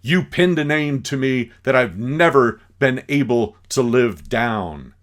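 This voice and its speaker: Brief: a man playing a bitter, anguished proud man, slow, emotional. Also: mid-range voice, expressive. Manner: pleading, dramatic outbursts.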